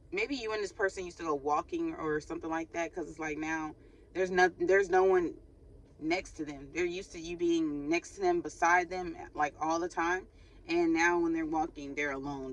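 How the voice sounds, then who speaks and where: A woman's voice: lowish voice, pushed and bright, rough recording. A woman hosting a spiritual channel, giving viewers a casual spoken reading in a chatty, loose way with informal slang.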